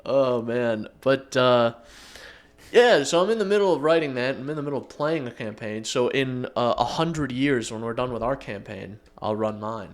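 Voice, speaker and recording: A man co-hosting a casual podcast, his pitch sitting in the middle range. He rambles through stories, laughs often, and slips into little acted-out quotes. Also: normal speed. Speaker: podcast co-host.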